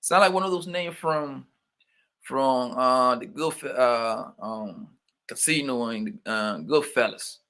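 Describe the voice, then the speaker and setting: A man's voice: mid-range voice, slow pace, pushed and bright. A man with hosting a casual livestream, greeting viewers by name and teasing them in loose slangy banter. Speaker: livestream host. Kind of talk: casual livestream chat, reading viewer names.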